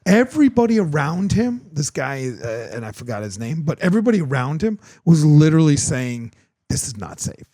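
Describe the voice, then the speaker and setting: A man's voice: fairly high pitch, a little fast, hardly any pauses, no room sound. A man hosting a podcast, telling a story casually and laughing as he talks. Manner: animated storytelling, laughs while talking. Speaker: podcast host. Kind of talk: casual chat.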